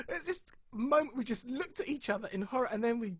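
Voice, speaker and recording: A woman, a bereaved parent, telling expressive stories on a video call, acting out voices and laughing at dark humour. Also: a little high, fairly quick, few pauses. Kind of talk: candid conversational storytelling.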